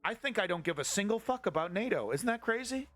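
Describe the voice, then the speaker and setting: Fast and with lively intonation, the host of a live-streamed political commentary show rants in a fairly high, bright voice. His delivery is profane and sharply sarcastic, over faint background music.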